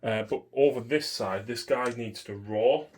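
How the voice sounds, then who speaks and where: Working methodically through the rules and dice rolls of a tabletop wargame, a man offers casual commentary on his game. He speaks in an unhurried, mid-range voice with a darkish tone.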